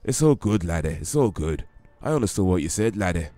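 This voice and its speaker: A man voicing a boastful medieval warlord in a gruff put-on Scottish accent, calling people laddie. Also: sits low, very animated, fairly quick, mellow, faint music behind. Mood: swaggering.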